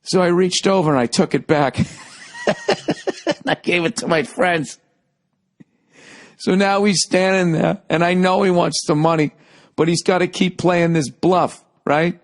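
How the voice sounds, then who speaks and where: A man's voice: sits high, fairly even intonation, a little slow, pauses often. Profane rambling storyteller man. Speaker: podcast host. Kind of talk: casual comic monologue.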